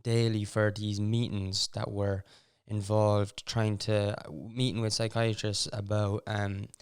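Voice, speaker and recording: A young Irish man with a lowish, smooth, resonant voice and a darkish tone chats casually as a podcast host. He rambles through his stories, keeps breaking off to restart, and drops in wry little asides.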